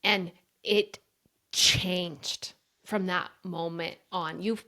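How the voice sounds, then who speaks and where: Woman, podcast guest, heartfelt storyteller; animated when quoting others. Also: lowish voice, drawn-out words. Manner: earnest, emotional, often addresses listeners as "you guys"; lively storyteller who acts out quoted dialogue. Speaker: podcast guest, brain coach. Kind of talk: personal storytelling in conversation.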